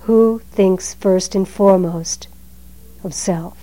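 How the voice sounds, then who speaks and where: A woman giving a Zen dharma talk in a measured, emphatic way, letting her phrases trail off softly. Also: medium pitch, steady tone, low-quality recording.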